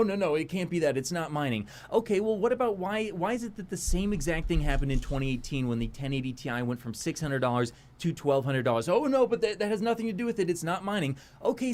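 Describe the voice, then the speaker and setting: A man delivers an indignant opinion piece and mocks opposing arguments in a sing-song tone. His voice sits a little high for a man. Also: darkish tone. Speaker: tech commentator in a played clip. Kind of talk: opinion commentary.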